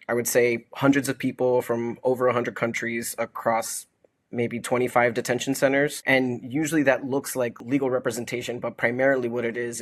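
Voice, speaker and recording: A man from Miami speaking as a lawyer on a panel, measured and earnest. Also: medium pitch. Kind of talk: casual panel talk.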